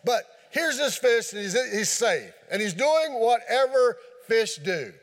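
A man preaching a sermon in a folksy, animated storytelling way, mixing scripture with homely fishing talk and playful sound effects. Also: very high voice, measured pace. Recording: long hall reverb.

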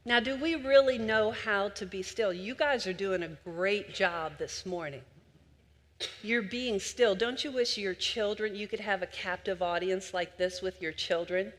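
Older woman preacher, chatty storytelling sermon, mid-pitched voice, long hall reverb. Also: a little slow. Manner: warm conversational storytelling, addressing the congregation directly.

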